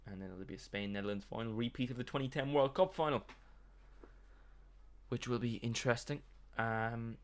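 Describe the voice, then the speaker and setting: A man's voice: medium pitch, normal speed. A man streaming live, reacting and rambling in a joking, self-mocking way. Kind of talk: casual live-stream commentary.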